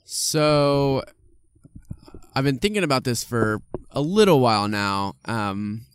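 A man speaking as a podcast guest, relaxed and reflective, often searching for words, recorded outdoors in a park. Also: medium pitch, takes it slowly, clean tone. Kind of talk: casual podcast chat. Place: outdoors in a park under a tree.

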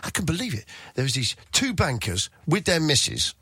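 Husky radio host telling stories. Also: male voice, fairly high pitch, sing-song, a little fast, pushed and bright, no echo, studio quality. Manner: jokey anecdotal storyteller, acts out other voices. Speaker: radio presenter and podcast host. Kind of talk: casual interview chat.

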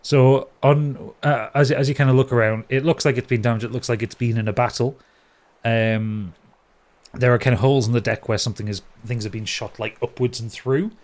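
A man narrating a tabletop game as game master, relaxed, with many ums as he describes the scene. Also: mid-range voice, fairly quick.

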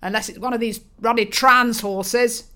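A snobbish, cruel aristocratic father acted out by a woman narrator in a comic audiobook. He barks his words loudly, with a raised, haughty pitch. Every line drips with contempt. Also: fairly even intonation, normal speed. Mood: scornful. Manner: barking, snobbish and scornful. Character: pompous, cruel upper-class father.

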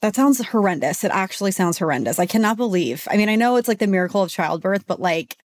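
A woman's voice: medium pitch, expressive, fast, dry recording, studio quality. A woman co-hosting a podcast in a frank, joking casual chat. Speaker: podcast co-host.

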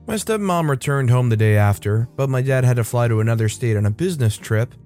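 A man narrating a reddit revenge story in a steady, matter-of-fact reading voice. He sits at a middle pitch, neither high nor low. Quiet music runs faintly behind him.

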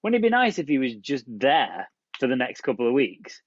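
Cheeky man with a lively voice. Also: mid-range voice, brisk, dry recording. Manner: cheeky, crude jokes. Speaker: podcast co-host. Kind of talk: casual chat. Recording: dry, dull lo-fi sound.

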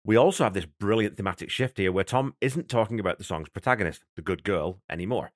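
A man with a fairly low voice hosts a music podcast, walking through a song's production in an easy, conversational way. He sounds enthusiastic about the music he is explaining. The recording is dry, with no room echo. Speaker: podcast host. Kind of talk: podcast song breakdown.

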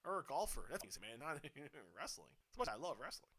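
A man giving excited live wrestling commentary, swinging from hushed muttering to sudden shouts, swearing and laughing often. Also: medium pitch, fast, slight background noise. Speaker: co-host of a wrestling watch-along.

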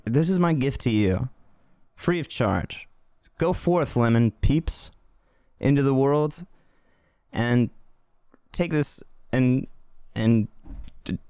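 A man's voice: mid-range voice, clear, resonant tone, dry recording, clean studio sound. A man hosting a podcast, talking casually and playfully, swearing and rambling with restarts. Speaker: podcast host. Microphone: studio microphone.

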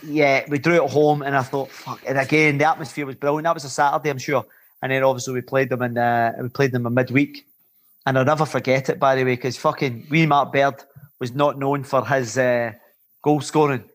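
A middle-aged man, a former footballer turned coach, telling swearing, animated stories with laughter on a podcast. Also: mid-range voice, a little fast. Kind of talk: podcast storytelling.

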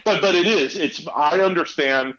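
A man's voice: a little high, normal speed, fairly bright tone, muffled recording. A man co-hosting a podcast from home in casual chat, rambling with fillers. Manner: rambling, many fillers and restarts. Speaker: podcast co-host.

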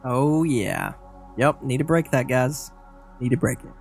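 A man's voice: mid-range voice, lively intonation, a little slow, vocal fry. A man playing a tabletop role-playing game switches between speaking in character and describing his actions. He sounds playful and urgent. Faint music runs underneath. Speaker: player.

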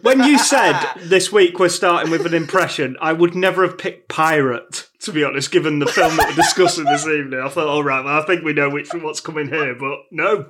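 A man co-hosts a relaxed film podcast in a slightly high voice. He talks steadily, with an understated, dry sense of humour. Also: a little fast, hardly any pauses. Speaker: podcast co-host. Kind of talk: casual film podcast chat.

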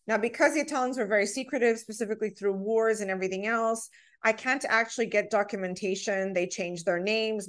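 A woman in her thirties, a podcast guest, talking in an earnest, heartfelt way as she tells personal stories in a casual conversation. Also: mid-range voice.

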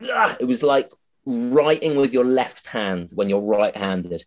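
A man's voice: mid-range voice, expressive, unhurried. A man, a comedian being interviewed on a podcast, chatty and self-mocking, swearing freely and often restarting his sentences. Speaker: comedian guest.

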